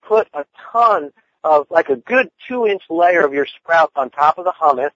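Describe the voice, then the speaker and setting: A man's voice: a little high, expressive, measured pace, fairly bright tone, dry recording. A man chatting casually about cooking, rambling with lots of fillers. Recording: dull lo-fi dry sound.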